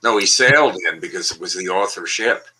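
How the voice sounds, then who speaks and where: A man's voice: low-pitched, animated, a little fast, sharp tone, low-quality recording. A man co-hosting a casual online show, explaining poetic meter in a lecturing way with asides over a video call. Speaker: author and co-host.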